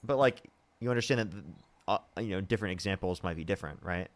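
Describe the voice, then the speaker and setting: A man's voice: low-pitched, fast. A young man hosting a live debate stream, arguing and pressing his guest with repeated questions. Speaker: debate show host.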